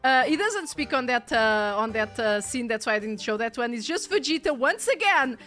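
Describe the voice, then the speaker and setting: A young woman with a Portuguese accent chatting excitedly while streaming a game, laughing often and swearing casually. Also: a little high, moderate pace, soft background music. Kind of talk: casual chat while gaming.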